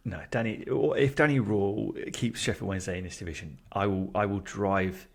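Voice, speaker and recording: A man's voice: fairly low pitch, normal speed, vocal fry. A man co-hosting a football podcast, arguing emphatically with a jokey edge. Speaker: podcast co-host. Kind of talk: casual football chat.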